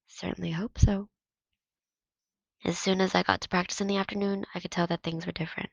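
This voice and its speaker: A woman teacher reading a novel aloud in steady first-person narration. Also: on the low side, a little fast, creaky, dry recording, poor audio.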